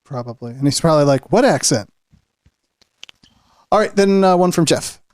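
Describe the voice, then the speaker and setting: Podcast host with a New York accent, fairly high voice, dry close sound, brisk. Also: male voice, lively intonation, a little mellow, clean tone, dry recording. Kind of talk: casual podcast chat.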